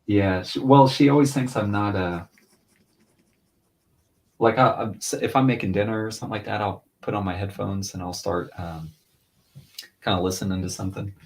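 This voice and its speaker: A man in his thirties tells a long, rambling story in easy, casual chat. His voice sits fairly low, and he raises it whenever he quotes someone else. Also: moderate pace, long pauses. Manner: rambling storyteller, loose and chatty, quoting others in a lifted voice. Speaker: podcast co-host, father.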